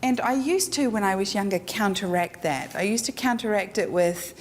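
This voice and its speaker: A woman teaching a live photography workshop, frank and animated, acting out her clients. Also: mid-range voice, normal speed. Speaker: photography instructor. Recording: echoey room with faint noise.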